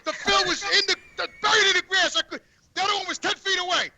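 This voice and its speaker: A man's voice: very high voice, steady tone, fast, heavy background noise. A man telling a crude comic story outdoors, profane and stammering over his words. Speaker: guest calling in. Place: outdoors on a work job.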